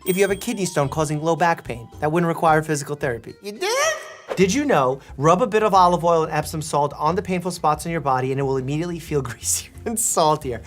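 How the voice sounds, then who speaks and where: A man's voice: a little high, very animated, fast talker, soft background music. A man in his thirties, a doctor, casually reacting to memes in a playful, jokey way, laughing often and sometimes stopping to explain medical facts. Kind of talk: casual meme reaction commentary.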